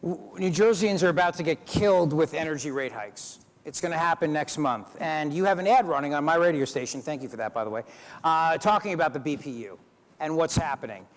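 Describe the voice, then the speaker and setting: Man moderating a forum, fairly high voice, chatty with quips, long reverb from a big hall. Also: a little fast. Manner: chatty, joking asides. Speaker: moderator and radio host. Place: event hall.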